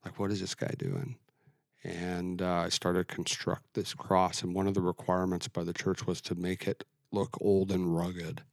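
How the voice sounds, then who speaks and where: Earnest low-voiced man telling his story. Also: completely flat delivery, dry recording, studio quality. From Alberta, Canada. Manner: earnest, reflective, halting with restarts. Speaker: guest sharing testimony. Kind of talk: personal testimony in interview.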